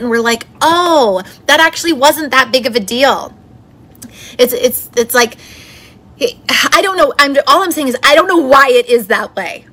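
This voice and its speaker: A woman's voice: on the high side, fairly bright tone. A woman hosting her own podcast, talking in a chatty, encouraging and upbeat way. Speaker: podcast host. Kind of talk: solo motivational podcast talk.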